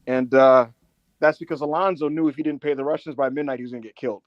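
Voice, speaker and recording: A man hosting a casual podcast chat, telling animated stories and acting out the quotes. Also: fairly high pitch, fast talker, no room sound, muffled recording. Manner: animated storyteller, acts out quotes. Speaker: podcast host.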